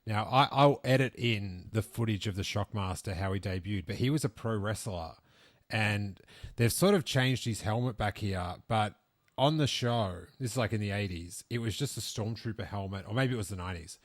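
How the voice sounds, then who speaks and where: At a normal speed, a low-voiced man hosts a podcast about collectibles. His casual talk wanders, frequently restarting and leaning on filler words.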